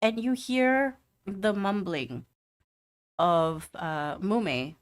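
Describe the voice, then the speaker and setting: A woman's voice: medium pitch, expressive, very slow, clear, resonant tone. A woman narrating as game master of a tabletop game, hesitant with many fillers.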